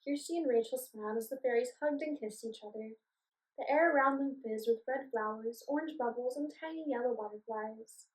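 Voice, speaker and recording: A woman's voice: fairly high pitch, brisk. Woman reading a children's story aloud. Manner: expressive, clear storytelling. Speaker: storybook reader. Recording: echoey room, voice from a distance.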